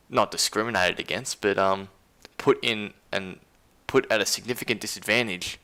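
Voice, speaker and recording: A man's voice: on the low side, bright, forceful tone. A man with an Australian accent hosting a casual live stream, rambling and incredulous as he reads chat aloud. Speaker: stream host.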